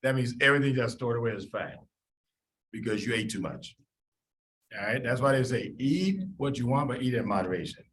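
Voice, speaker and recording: Forceful joking lecturer, a man. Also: medium pitch, fairly quick, low-quality recording. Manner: animated, storytelling, folksy. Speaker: medical school biochemistry lecturer.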